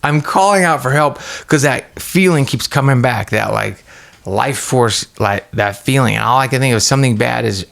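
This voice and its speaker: A man co-hosting a podcast, retelling a scare in a rambling, halting way with many restarts. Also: mid-range voice, vocal fry, a bit bright. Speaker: podcast co-host. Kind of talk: casual storytelling chat.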